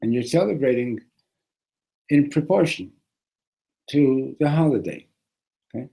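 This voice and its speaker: A man teaching a classroom lesson on a religious text, animated, often restarting and repeating words. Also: mid-range voice, measured pace, creaky, husky, rough recording.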